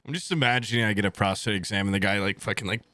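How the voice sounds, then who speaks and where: A man's voice: on the low side, racing, pushed and bright, slight background noise. A young man in his twenties telling a rambling, crude story to his stream chat at home, swearing bluntly as he goes.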